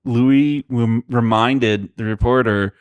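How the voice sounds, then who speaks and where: A man's voice: mid-range voice, steady tone, slow, clear, resonant tone, dry recording, muffled recording. A man co-hosting a casual movie podcast, rambling with lots of fillers and restarts. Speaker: podcast co-host.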